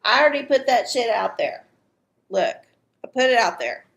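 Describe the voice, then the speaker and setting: A woman's voice: on the high side, animated, moderate pace, creaky, a bit bright. A woman hosting a livestream where she reads oracle cards. She chats bluntly and swears freely, a little teary-eyed. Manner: blunt, profane and chatty. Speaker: livestream host doing tarot-style readings. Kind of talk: casual livestream chat.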